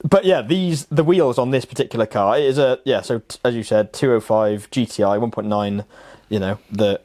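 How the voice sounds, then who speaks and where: A man's voice: medium pitch, moderate pace, darkish tone. A young man co-hosting a casual car podcast, chatty and enthusiastic, laughing often. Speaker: podcast co-host. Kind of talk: casual chat.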